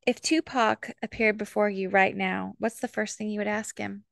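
A woman's voice: mid-range voice, steady tone, normal speed, creaky, fairly bright tone, dry recording, clean studio sound. A woman co-host asking questions in an upbeat, giggly way. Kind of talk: casual chat.

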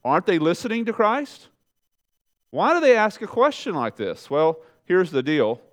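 Speaking to his flock at a moderate pace, a pastor gives an animated sermon in a conversational style, addressing those in front of him directly. He emphasizes key points by lowering his voice to a soft hush.

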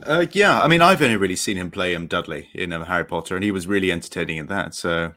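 A man with a low but bright, forward voice chats on a livestreamed panel. His pitch swings widely as he jokes along with the others. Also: lively intonation, fast.

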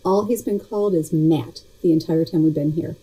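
A woman's voice: sits low, normal speed, warm tone, breathy edge, low-quality recording. A woman being interviewed as a guest, chatting casually and reflectively with frequent restarts. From United States. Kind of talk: casual remote interview chat.

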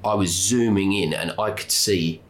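A man casually telling animated stories on a podcast, laughing often and swearing casually. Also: low-pitched, normal speed. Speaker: podcast co-host. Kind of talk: casual storytelling chat.

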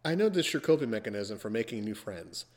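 A man's voice: lowish voice, sing-song, quick pace, a little mellow, long reverb tail. A man hosting a casual podcast, teasing his guest in a playful, theatrical way. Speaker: podcast host.

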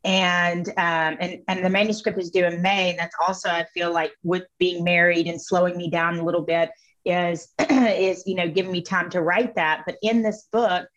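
A woman speaking as a guest on a faith podcast, telling personal stories in an expressive, emphatic way. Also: on the low side, moderate pace. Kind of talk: faith-based podcast conversation. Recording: slightly dull lo-fi audio.

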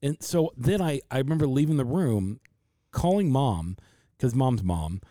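A man's voice: medium pitch, animated, unhurried, mellow, dry recording. A man co-hosting a podcast, earnestly telling a frightening family story and acting out what others said. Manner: earnest, quotes others animatedly. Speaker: podcast co-host. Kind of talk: emotional storytelling.

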